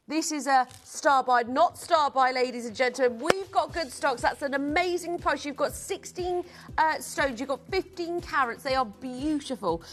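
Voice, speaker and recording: A woman hosts a live jewellery sale on a shopping channel, talking in a warm, gushing stream of sales patter. Her voice sits somewhat high, and faint music runs under her.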